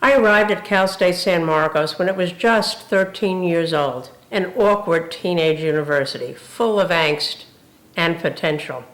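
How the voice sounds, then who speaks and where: A woman's voice: fairly low pitch, measured pace. Older woman giving a tribute, roomy echo. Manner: warm humorous storytelling. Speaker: university president emerita. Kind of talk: tribute speech.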